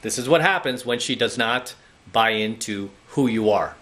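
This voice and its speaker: A male dating coach delivers a blunt, lecturing monologue straight to the camera. His voice is bright and forceful, and he keeps punctuating his points with "okay?" and "right?". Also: medium pitch, moderate pace.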